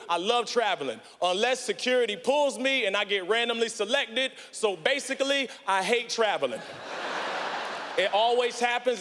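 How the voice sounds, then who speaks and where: High bright-voiced man doing loud stand-up. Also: slight background noise. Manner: animated, shouts punchlines, acts out voices and gasps. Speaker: stand-up comedian. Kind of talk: stand-up set. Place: large theater stage. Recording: live hall reverb.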